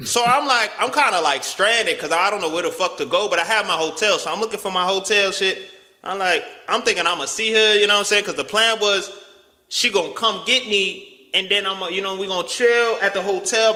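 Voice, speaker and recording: Man, casual storytelling, high bright voice, animated and slangy, long hall reverb. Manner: animated, slangy, swings pitch widely, acts out quotes.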